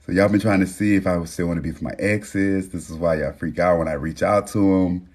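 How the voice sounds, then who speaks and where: A man's voice: low-pitched, fairly even intonation, a little fast. A man hosting a casual livestream chat, talking loosely and with profanity to his viewers, calling them y'all and reading out their names. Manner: reads viewer names with warm affirmations. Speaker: livestream host.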